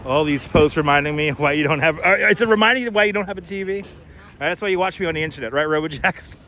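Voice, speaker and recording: A man's voice: on the high side, fast talker, bright, forceful tone, slight background noise. Rambling man live-streaming on a city walk. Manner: chatty, rambling, reads viewer comments aloud. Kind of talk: casual live-stream chat while walking. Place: outdoors on city streets. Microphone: wireless clip-on mic.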